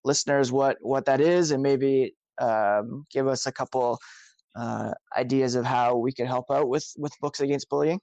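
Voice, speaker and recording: A man interviewing a guest, asking halting questions with many fillers. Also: medium pitch, fairly even intonation, darkish tone, no room sound. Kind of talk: casual interview.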